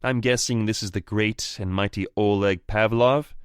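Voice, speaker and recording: A man putting on a higher, shouting, taunting rival. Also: steady tone, moderate pace, smooth, no room sound, clean studio sound, lightly acted. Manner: mocking, shouting, cackling. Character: desperate taunting male rival on a phone call.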